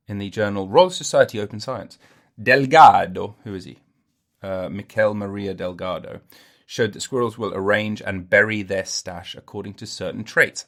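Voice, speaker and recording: A man's voice: fairly low pitch, a bit bright. A man hosting a solo comedy podcast, rambling and joking, cutting himself off and laughing at his own jokes. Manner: jokey, self-interrupting, laughs at own jokes. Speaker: podcast host.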